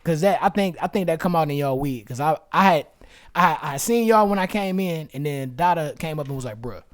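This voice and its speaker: A man's voice: fairly high pitch, fairly quick. Laid-back slangy podcast host, a man. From Michigan. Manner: laid-back, slangy, lots of "you know what I'm saying". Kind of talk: casual podcast chat.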